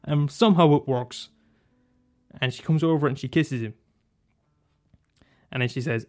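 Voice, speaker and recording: A man's voice: mid-range voice, moderate pace, a little mellow, faint music behind. Rambling man talking films. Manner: rambling, frequent restarts, swears casually, laughs often. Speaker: film commentator. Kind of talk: casual monologue.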